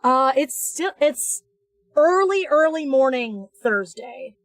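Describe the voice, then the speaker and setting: While drawing live for her stream, a young American woman banters in a high, lively voice. She speaks slowly, without echo, wandering through restarts and teasing side comments.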